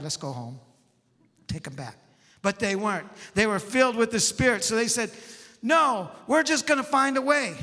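A male pastor preaches a storytelling sermon in a folksy, animated manner, laughing often. His voice sits high. A long church-hall echo follows his words.

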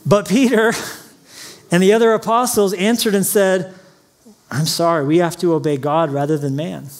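A man preaching a sermon as pastor, mixing Bible reading with quick jokes and acted-out quotes. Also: high voice, fairly even intonation. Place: large church auditorium.

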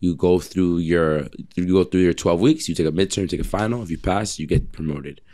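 Deep voiced guy chatting on a podcast, says like a lot, gets animated telling stories. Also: fairly quick. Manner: animated storyteller, many fillers. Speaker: guest personal trainer. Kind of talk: casual podcast chat.

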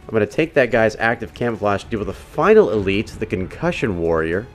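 A man provides casual gameplay commentary for a walkthrough, leading the viewer through each step. His lowish voice swings widely in pitch and runs a little fast. Faint music can be heard in the background.

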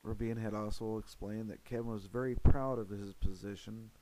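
A man narrating a paranormal investigation in an earnest, steady voice-over, with frequent fillers. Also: fairly low pitch, normal speed, low-quality recording.

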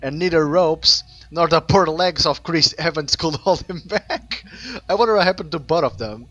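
A man commenting on a game he plays, excitable, laughing often and breaking into squeals and shouts. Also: a little high, moderate pace, lo-fi sound. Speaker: let's play host. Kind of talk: casual gameplay commentary.

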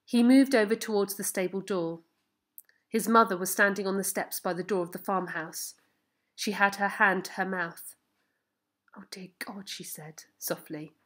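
A woman calmly reading a novel aloud as the narrator. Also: medium pitch. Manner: calm, measured narration. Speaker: reader. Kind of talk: storybook reading.

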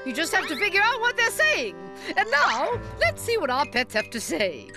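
A zany talk-show hostess for pets introduces her guests with showbiz flair. Her voice sits very high and swoops wildly between notes. It is a children's puppet sketch. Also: huge pitch swings, moderate pace, over music, exaggerated voice. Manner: over-the-top hostess, swooping delivery.

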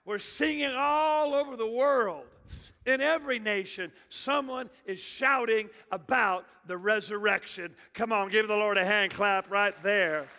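High-voiced preacher in a big hall. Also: male voice, a little slow. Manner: preaching with rising shouts and hushed drops. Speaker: pastor. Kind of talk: sermon.

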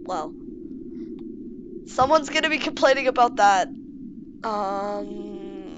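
A woman with a high voice that leaps all over the place gives playful commentary while she plays a game. She gushes and baby-talks to her pets on screen, and her pace stays unhurried. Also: animated, fairly bright tone, a little hiss or hum. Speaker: YouTuber showing a game mod.

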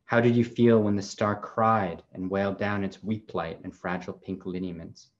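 A man giving a poetry reading, delivering a long, measured, incantatory run of questions. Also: low-pitched, steady tone, highs cut off. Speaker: poet.

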